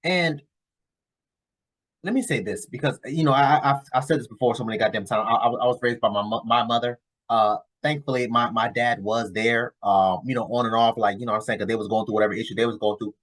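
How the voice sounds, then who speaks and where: Husky man in blunt reaction commentary. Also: mid-range voice, fairly even intonation, fast, a bit bright. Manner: blunt, cursing, rambling with restarts. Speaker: YouTube commentator reacting to a clip.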